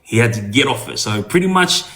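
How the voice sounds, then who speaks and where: A podcast guest tells a personal story in casual talk, earnest and full of hesitations and restarts, speaking directly to younger listeners. His mid-range voice is animated, a little fast and slightly bright.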